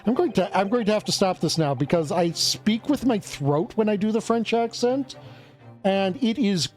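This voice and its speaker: A man's voice: high-pitched, expressive, moderate pace, a little mellow, faint music behind. A man streaming a game, casually thinking aloud with hesitant restarts as he works through the puzzle. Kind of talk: casual let's-play commentary.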